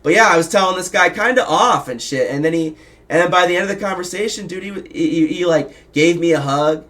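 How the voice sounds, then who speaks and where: A man's voice: high voice, a little fast, a bit bright. Profane rambling man telling stories. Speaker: show host and musician. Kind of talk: casual storytelling chat.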